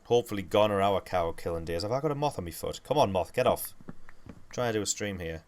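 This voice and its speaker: A man's voice: lowish voice, lively intonation, quick pace, darkish tone, a little hiss or hum. A man with a Geordie accent chatting casually and rambling through a gaming livestream. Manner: chatty, rambling, laid-back.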